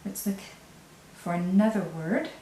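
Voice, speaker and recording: A woman's voice: medium pitch, unhurried, mellow, roomy sound, slight background noise. A woman teaching a language lesson patiently, step by step, often checking in with the learner. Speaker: French teacher.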